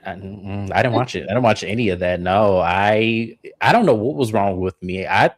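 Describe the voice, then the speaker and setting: A low-voiced woman hosts a relaxed live-stream chat with friends. Her talk is chatty and unhurried, and she steers the conversation by calling on each person in turn. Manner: laid-back, chatty, says "um" often. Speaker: host. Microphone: remote call setup.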